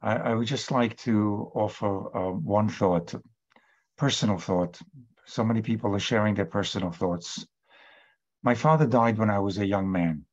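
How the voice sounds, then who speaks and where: A man with a fairly low voice moderates an online panel and pauses to share a personal reflection. He speaks unhurriedly and thoughtfully. The sound is dull and lo-fi, like a webinar feed. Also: darkish tone.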